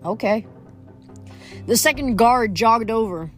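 A woman reading a novel aloud, expressive, with small slips now and then. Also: medium pitch, moderate pace, faint music behind. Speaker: audiobook reader.

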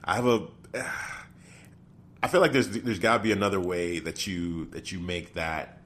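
Low-voiced man in casual chat. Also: steady tone, moderate pace, fairly bright tone. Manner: thinks aloud, breaks off and restarts sentences.

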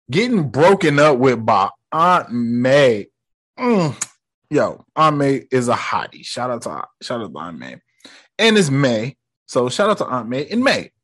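A man's voice: medium pitch, fairly bright tone, slightly rough. A young man hosting a podcast, recapping a movie in casual slang and mocking the characters in quoted voices. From United States. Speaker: podcast host.

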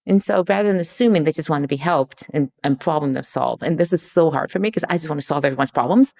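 A woman's voice: deep voice, fast talker, gravelly, a little mellow. A woman guest in a conversational interview, talking earnestly and acting out quoted lines. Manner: earnest, acts out quoted dialogue.

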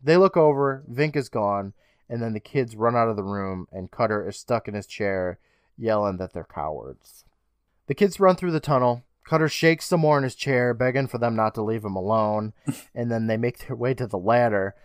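A man's voice: mid-range voice, normal speed, smooth, no echo, clean studio sound. A young adult man co-hosting a podcast, recapping a TV episode in a wry, profane, casual way. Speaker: podcast co-host.

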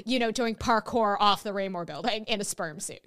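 A woman's voice: mid-range voice, brisk, fairly bright tone, smooth. A young woman hosting a podcast interview, talking in a spirited way and swearing freely. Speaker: podcast host. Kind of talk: casual interview chat.

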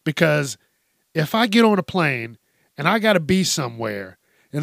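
A man's voice: fairly high pitch, sing-song, normal speed, gravelly, a bit bright, no room sound, studio quality. A man hosting a podcast, ranting bluntly in casual chat, swearing freely and laughing often. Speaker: podcast host. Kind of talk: casual solo rant.

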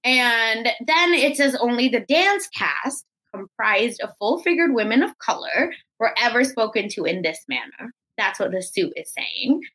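A woman co-hosting a podcast in casual chat, animated and reading out quotes. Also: on the high side, a little slow, few pauses, breathy edge, low-quality recording. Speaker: podcast co-host.

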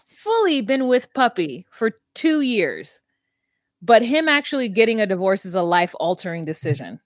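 A woman co-hosting a recap podcast who rambles through tangents, leaning on "like" and "you know." Her voice has a middle pitch and a dry, close sound with no echo. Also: sing-song, moderate pace. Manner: rambling, filler-heavy, worried musing. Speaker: podcast co-host. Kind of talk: casual reality-TV recap chat.

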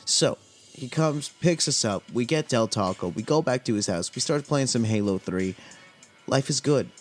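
A man's voice: medium pitch, expressive, moderate pace, soft background music. A young man from Southern California's desert valley, casually telling a podcast story in a laid-back, profane, filler-heavy way. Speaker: podcast host.

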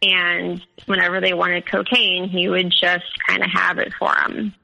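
A woman tells her own story as a podcast guest. She talks hesitantly, with lots of ums and likes. Her voice is bright and edged, with plenty of creaky fry at the ends of phrases. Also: lowish voice, little pitch movement, a little slow, rough recording. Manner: hesitant, full of "um" and "like". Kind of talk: recounting a personal story.

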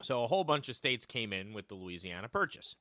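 A man co-hosting a trivia podcast in casual chat, joking and thinking out loud as he works through answers. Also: on the low side, sing-song, fast talker, no room sound. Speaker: podcast co-host.

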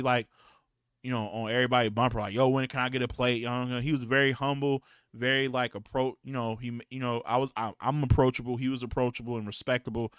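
Man, podcast host, casual rambling slang, clears his throat, dry close sound. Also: mid-range voice, fairly bright tone, no room sound. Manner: loose, profane, slangy and rambling. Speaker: podcast host and battle rap league promoter.

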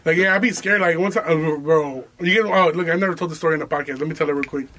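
A young man with a fairly high voice hosts a podcast. He tells a story in casual, profane slang and breaks into laughs. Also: very fast, a bit bright, a little hiss or hum. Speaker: podcast host.

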